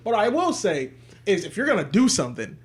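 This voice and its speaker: A young man with a high, lively voice talks loosely and swears freely as he chats with friends on a podcast. His pitch leaps around as he talks. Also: a little fast. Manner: laughing, swearing, animated. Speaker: podcast co-host. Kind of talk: casual chat.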